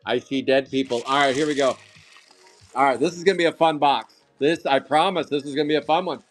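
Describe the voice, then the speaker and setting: A man hosting a live trading card break, calling out pulls with loud, excitable, jokey hype. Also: a little high, quick pace. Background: faint music.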